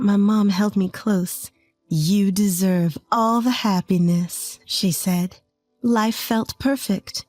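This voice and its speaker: A woman's voice: medium pitch, darkish tone, dry recording. A woman in her twenties from rural Texas, telling a first-person story in an earnest, plain way. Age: 20s. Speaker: narrator.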